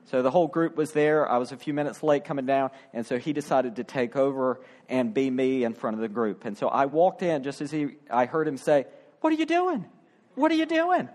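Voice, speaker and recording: A man's voice: medium pitch, a little fast, few pauses, a little mellow. A middle-aged male pastor preaching a sermon, acting out the quoted voices with drama.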